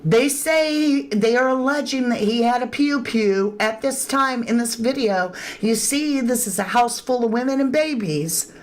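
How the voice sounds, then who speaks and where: Slow-talking woman hosting a crime livestream. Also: a little high. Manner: chatty, greets viewers by name, emphatic asides. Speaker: true crime livestream host. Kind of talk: casual live-stream commentary. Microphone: webcam or phone on camera.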